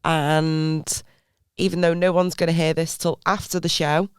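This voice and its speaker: A woman's voice: low voice, level tone, measured pace, smooth, dry recording, studio quality. A woman co-hosting a podcast, chatting casually, teasing, laughing often and swearing. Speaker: podcast co-host. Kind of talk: casual chat.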